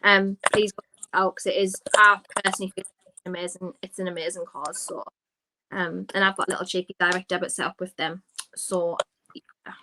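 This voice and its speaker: A woman's voice: fairly low pitch, level tone, brisk. A woman co-hosting a podcast, reading out viewer questions in a chatty, rambling way. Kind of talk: casual chat. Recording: noisy background.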